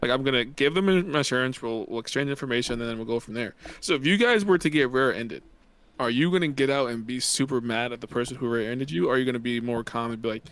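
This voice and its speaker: In laid-back, casual conversation, a young podcast co-host rambles with lots of fillers, speaking at a quick pace in a fairly bright, mid-range voice.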